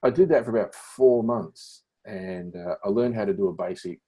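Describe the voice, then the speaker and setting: Husky Australian man telling stories. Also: fairly low pitch, moderate pace. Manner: animated, laughing, swears freely. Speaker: guest entrepreneur. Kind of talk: casual interview storytelling.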